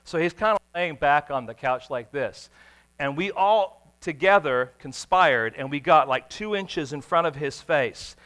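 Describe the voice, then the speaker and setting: A pastor delivers a sermon in a bright, forceful voice a little high for a man, telling stories dramatically in an expressive, unhurried way. He drops to a hush, then bursts into a shout, over a faint mains hum.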